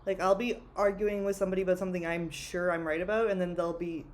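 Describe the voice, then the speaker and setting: A woman's voice: lowish voice, little pitch movement, fast, darkish tone. A young woman co-hosting a book podcast, talking frankly and casually with lots of filler words. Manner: chatty, frank, heavy use of "like". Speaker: podcast co-host. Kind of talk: casual book-club chat.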